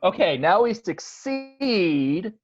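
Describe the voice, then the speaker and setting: A man's voice: high-pitched, very animated, slow pace, faint music behind. A man playing in a tabletop game, thinking aloud casually. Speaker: player. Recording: dull lo-fi, dry.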